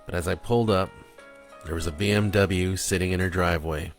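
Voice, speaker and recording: A man reading his own dark prose and poetry aloud in a blunt, confessional manner. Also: deep voice, steady tone, a little fast, soft background music.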